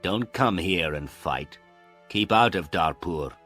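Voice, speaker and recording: A man voicing a stern male policeman in a storybook, reading him low and firm. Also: expressive, takes it slowly, a bit bright, faint music behind, heavily acted.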